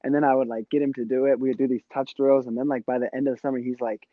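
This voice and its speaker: A relaxed man in his twenties chats as a podcast guest, full of fillers and quick laughs. His voice sits at an ordinary pitch, and the recording sounds dry and a little muffled, with no room around it. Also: no room sound. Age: 20s. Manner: easygoing, laughs often, chatty with many fillers. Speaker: podcast guest, former player. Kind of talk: casual chat. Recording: dry, dull lo-fi podcast audio.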